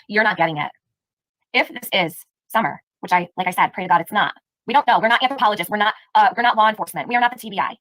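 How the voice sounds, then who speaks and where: A woman's voice: mid-range voice, rapid-fire, fairly bright tone, no echo, rough recording. A woman hosting a live stream, giving heated, indignant commentary and firing rhetorical questions at her chat. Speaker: livestream host.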